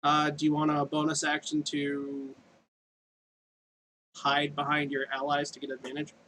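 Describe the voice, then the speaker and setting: Slightly high-voiced man running the game. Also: monotone, unhurried, bright, forceful tone, slight background noise. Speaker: dungeon master.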